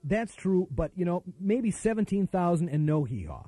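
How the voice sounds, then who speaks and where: A man's voice: high voice, very animated, normal speed, mellow. A man hosting a call-in radio show, chatting casually and wryly, often trailing off and restarting his sentences. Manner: rambling, wry, self-interrupting.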